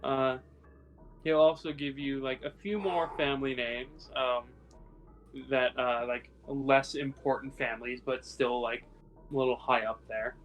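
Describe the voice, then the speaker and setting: A man's voice: mid-range voice, fairly even intonation, a little slow, muffled recording, faint music behind. A man running a tabletop game, narrating casually with lots of fillers. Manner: rambling, many fillers. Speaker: game master.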